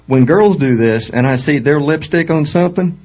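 A man co-hosting a radio talk show, joking in a deadpan, self-mocking way and often repeating words as he goes. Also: on the high side, moderate pace, dull audio.

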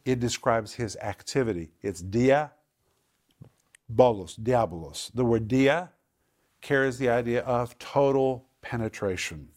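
A man's voice: mid-range voice, a little mellow. Emphatic male Bible teacher. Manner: emphatic, repeats words for stress, slows on key points. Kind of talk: teaching program on scripture.

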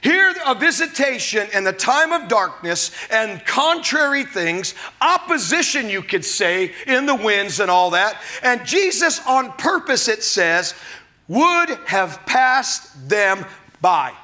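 A man with a high, bright, cutting voice preaches a sermon. He is animated, throws rhetorical questions at his listeners and acts out little quotes. He laughs at his own jokes as he goes. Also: slow pace. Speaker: pastor.

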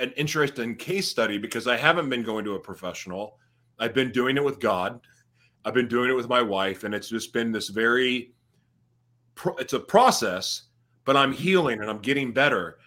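A man speaking candidly and haltingly in a casual conversation about his personal recovery. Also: medium pitch, lively intonation, sharp tone.

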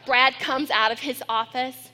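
A middle-aged woman pastor preaching a sermon, telling family stories with lively acted-out quotes. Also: high-pitched, measured pace, a little hiss or hum. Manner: storytelling, animated when acting out her daughter.

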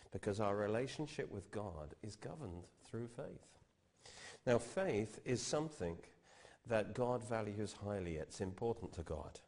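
Man preaching a steady teaching sermon. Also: on the low side. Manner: quotes scripture with rising emphasis; explains step by step like a teacher.

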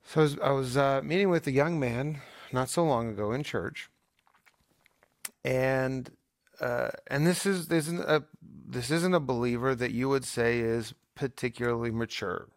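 A man on a talk show telling a story in an animated, emphatic way, often restarting his sentences. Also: mid-range voice, moderate pace, no room sound, clean studio sound. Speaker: co-host.

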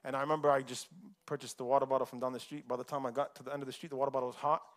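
A man from the United States speaks at a community forum. He tells a personal story in a rapid, chatty rush, and he laughs often as he goes. His voice sits at an ordinary middle pitch. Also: flat delivery. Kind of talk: casual storytelling talk.

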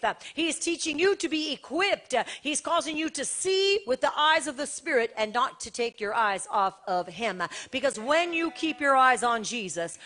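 A woman's voice: high-pitched, a bit bright. A woman preaching a sermon with fervor, repeating phrases over and over for emphasis.

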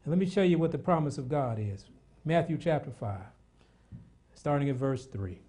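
A male preacher with a fairly high, warm, relaxed voice delivers a sermon that builds into loud, rapid exhortation. Worked up, he stumbles and repeats words, then drops into soft, intimate prayer.

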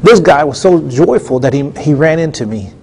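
A middle-aged man with a fairly high-pitched voice preaches as a TV ministry host in an earnest, conversational way. He stacks repeated phrases for emphasis and often restarts mid-sentence. A faint hiss sits under his voice. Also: lively intonation, moderate pace, vocal fry, darkish tone. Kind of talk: conversational sermon teaching.

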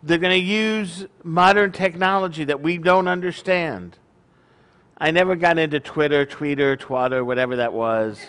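Middle-aged guy preaching to his congregation, high voice, chatty and jokey, teases himself a lot. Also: steady tone, normal speed, fairly bright tone, smooth. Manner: folksy, joking, self-deprecating. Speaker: congregation leader. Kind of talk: sermon.

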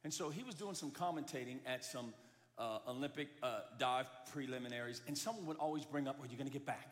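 A man's voice: mid-range voice, brisk. Storytelling male pastor in a reverberant hall. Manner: storytelling, acts out voices, swings from loud to hushed. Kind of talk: sermon. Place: church sanctuary. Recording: long hall reverb with faint music.

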